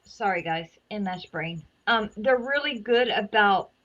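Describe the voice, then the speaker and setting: A woman's voice: mid-range voice, expressive, a little slow, a bit bright, muffled recording. A woman chatting casually as a guest, talking at length in a rambling way. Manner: rambling, talkative. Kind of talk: casual chat.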